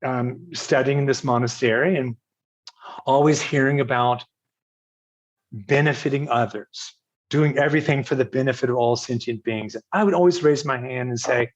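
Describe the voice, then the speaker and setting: An older man from Virginia, here as a podcast guest, recounts a personal story in a loose, self-mocking way, chuckling at his own past. His voice sits at an ordinary middle pitch. The recording sounds a little dull and lo-fi. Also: moderate pace. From Virginia, United States. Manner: anecdotal and self-mocking, quotes others, laughs at himself. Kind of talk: storytelling in a casual interview. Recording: slightly dull, lo-fi audio.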